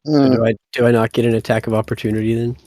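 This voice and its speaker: A man playing a tabletop game, talking loudly and eagerly in casual play. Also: mid-range voice, level tone, fast talker, dry recording. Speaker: player.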